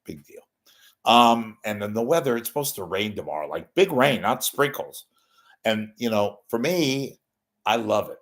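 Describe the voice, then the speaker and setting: Brief: older male host, very low voice, blunt, chatty, unprepared and self-mocking. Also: animated, normal speed. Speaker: host of an online talk show. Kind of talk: unscripted solo talk reading viewer messages.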